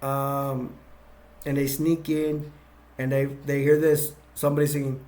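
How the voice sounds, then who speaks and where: A man's voice: mid-range voice, level tone, unhurried, a little mellow. A man casually retelling a movie's plot in a rambling way, with many restarts and fillers. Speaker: movie reviewer.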